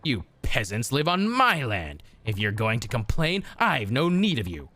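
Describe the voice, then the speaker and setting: A man's voice: medium pitch, wildly swooping pitch, a little slow, bright, forceful tone, heavily acted. A man voicing a cruel, haughty feudal lord, reading game dialogue in a pompous, contemptuous way. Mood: sneering.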